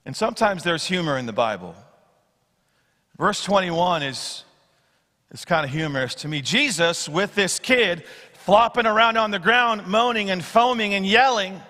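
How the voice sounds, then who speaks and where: Pastor, high bright man's voice, swings loud to soft while preaching, big church reverb. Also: animated, moderate pace. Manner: expository preaching, acts out Bible quotes, swings from loud to hushed. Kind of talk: sermon. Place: church sanctuary. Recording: long church hall reverb.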